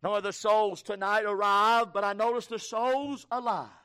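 For a man, this preacher's voice is strikingly high. His sermon shifts from low, hurried passages into shouted, fervent proclamation, while his tone stays steady and smooth.

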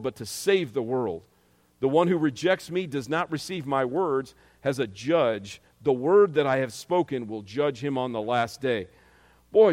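Pastor guy preaching, kinda high voice, long church-hall echo. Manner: earnest preaching with scripture readings. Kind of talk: sermon.

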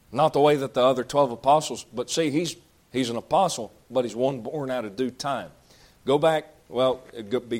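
A man's voice: mid-range voice, a little mellow. A man preaching a sermon, reading scripture aloud and explaining it in folksy, conversational asides.

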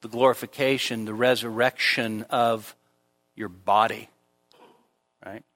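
A man preaching a sermon to a church congregation, rising to emphatic high peaks on key points and dropping into conversational asides and light humor. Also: little pitch movement, a little slow, a bit bright, big-room sound. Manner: emphatic, climbs sharply in pitch when stressing a point. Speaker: pastor. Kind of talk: expository sermon. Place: church service before a congregation.

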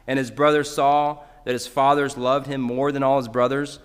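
A man's voice: medium pitch, level tone, moderate pace, clean tone, big-room sound. A man preaching a sermon in a church, earnestly addressing parents directly. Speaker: pastor.

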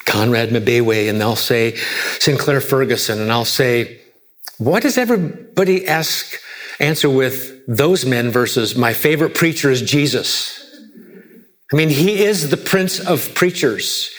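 A man preaching a sermon, emphatic, asking rhetorical questions and swinging between soft low lines and raised high ones. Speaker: pastor.

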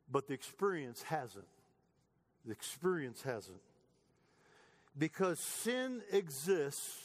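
A man preaching a sermon as pastor, emphatic, growing passionate as he reads the psalms aloud. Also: a little high. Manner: emphatic, rising passion when quoting psalms. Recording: reverberant hall.

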